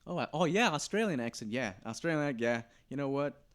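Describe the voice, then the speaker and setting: A man's voice: a little high, lively intonation, brisk. A man in casual podcast chat, rambling and hesitant, restarting his sentences often.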